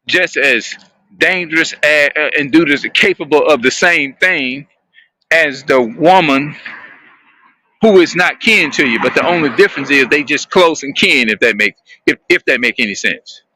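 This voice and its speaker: A man talking to his viewers in a rambling, halting monologue, often repeating and restarting his phrases. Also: a little high, sharp tone, no room sound.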